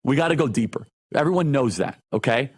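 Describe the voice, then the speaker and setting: A man's voice: mid-range voice, expressive, brisk. A man hosting a talk show, delivering an opinionated monologue with emphatic, repeated phrases.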